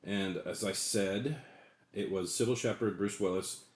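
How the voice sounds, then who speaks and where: A man in his late forties talks through old films in a loose, rambling way, swearing freely. His voice sits very low, and the room around him echoes. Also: measured pace. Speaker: co-host. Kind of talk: casual movie chat.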